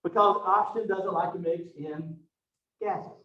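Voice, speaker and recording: A man's voice: sits high, fairly even intonation, a little slow. A man teaching an anatomy lecture in a casual, chatty, folksy way. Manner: folksy and chatty, Southern phrasing. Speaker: college anatomy and physiology instructor. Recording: echoey, distant, dull lo-fi room recording.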